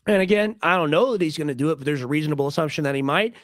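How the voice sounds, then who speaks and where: A man's voice: fairly high pitch, very fast, noisy background. A man giving emphatic, argumentative commentary on a clip as a stream host, often repeating himself. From United States.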